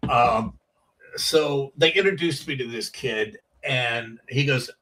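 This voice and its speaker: A man's voice: medium pitch, slow, fairly bright tone, recorded from a distance. A middle-aged man, a guest comedian, telling rambling anecdotes on a chat show and acting out the quotes.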